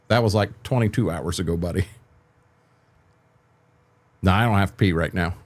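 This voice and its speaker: An older man's casual livestream chat accompanies his farming game, streamed from home through a desk microphone, with lots of rambling and repeated words. He talks at normal speed in a low-pitched voice, pausing often.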